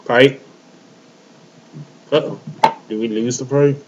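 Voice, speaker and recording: A man's voice: mid-range voice, steady tone, slow pace. A man hosts a laid-back wrestling chat, wandering through his points with plenty of ums and uhs. His voice sits mid-range and comes through a dull, lo-fi call connection with faint hiss. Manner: loose, rambling, many fillers. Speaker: podcast host. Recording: dull lo-fi online call audio with light hiss.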